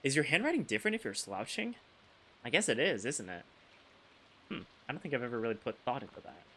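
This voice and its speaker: A man's voice: mid-range voice, big pitch swings, fast, fairly bright tone, slight background noise. A young man chatting casually while streaming a video game, rambling and restarting his sentences and laughing often. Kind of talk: casual live-stream chat while gaming. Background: game music.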